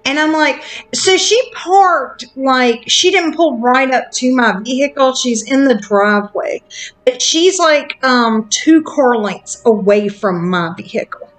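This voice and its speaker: A woman telling a story in a casual, frank, animated chat, with lots of fillers. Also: sits high, slow.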